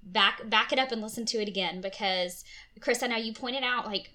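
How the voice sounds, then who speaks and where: A woman podcast host with a bright, sharp voice, eagerly summing up what her guest said and speaking straight to her listeners. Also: a little high, fairly quick. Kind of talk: conversational podcast interview.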